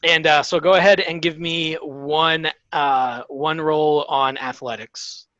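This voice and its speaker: Halting man narrating as game master. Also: fairly high pitch, steady tone, sharp tone, no echo, muffled recording. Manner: halting, many fillers.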